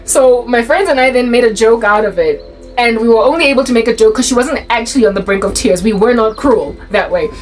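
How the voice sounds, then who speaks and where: A woman casually telling a story, animated and often breaking into laughter. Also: on the high side, fairly quick, low-quality recording. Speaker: faith vlogger.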